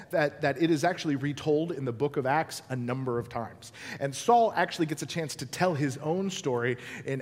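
A man preaching a sermon as pastor, telling the story with animated, acted-out scenes. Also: fairly high pitch, in a large hall. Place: church building.

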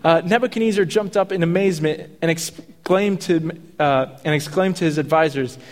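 A man delivers a sermon in a relaxed, conversational way, mixing scripture with jokey asides. His voice sits a little high for a man. The sound carries a long reverb, as if from a large hall. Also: moderate pace. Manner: casual, jokey asides between scripture readings. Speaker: pastor.

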